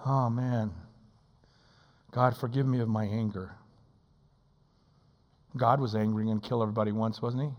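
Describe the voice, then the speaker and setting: A male pastor preaching a sermon in a church. He swings between shouting and hushed, intimate tones and acts out quotes in playful voices. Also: medium pitch, steady tone, normal speed, long pauses, in a large hall, dull audio.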